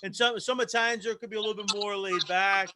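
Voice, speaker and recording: A man hosting a casual livestream panel chat, telling stories in a fast, animated way. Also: high voice, a little hiss or hum. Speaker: host.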